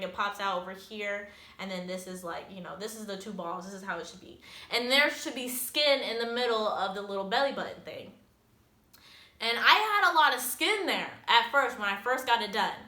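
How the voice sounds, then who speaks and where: Bright-voiced young woman, chatty vlogger. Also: medium pitch. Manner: chatty, swearing, self-mocking, lots of "like". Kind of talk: casual storytime vlog. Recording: echoey room.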